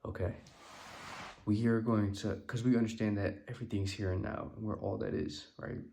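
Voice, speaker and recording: Amid slight background noise, a man with a low, gravelly, dark voice speaks in a level tone about manifestation to camera. He sounds tired and yawns, rambling loosely in this casual spiritual talk, asking "right?" again and again and slowing down for emphasis.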